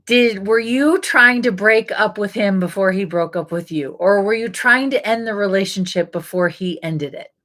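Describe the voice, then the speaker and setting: Woman coach talking to viewers live, keeps asking gentle what-if questions, says like a lot. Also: medium pitch, moderate pace, few pauses. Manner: coaxing, asks many rhetorical questions; casual, frequent "like" fillers. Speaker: intuitive life coach.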